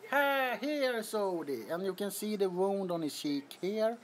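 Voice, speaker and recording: Indoors in an apartment, a Swedish-accented man runs a relaxed livestream, introducing kittens with frequent giggles and amusement. His high voice is animated and a little slow.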